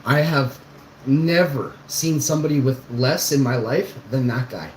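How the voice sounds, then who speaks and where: A man's voice: mid-range voice, unhurried. A man around forty, ranting scornfully to his viewers in a casual streamed monologue. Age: 40s. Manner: exasperated, scornful, calling someone out. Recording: roomy echo, faint background hum.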